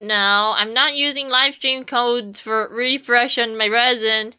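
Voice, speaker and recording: Bright-voiced woman streaming a game. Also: a little high, steady tone, measured pace, smooth. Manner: playful, rambling, chatting with viewers, swearing. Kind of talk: casual gameplay commentary.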